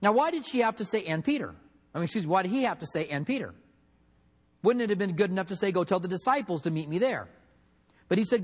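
A man preaching a sermon, telling a story with acted-out quotes and swinging between loud and hushed delivery. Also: sits high, animated, quick pace, long reverb tail. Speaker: pastor.

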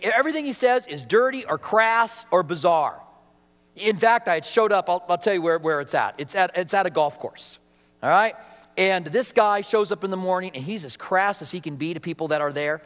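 Animated middle-aged pastor in a reverberant hall. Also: male voice, high-pitched. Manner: animated, acts out quoted voices. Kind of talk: sermon. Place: church sanctuary.

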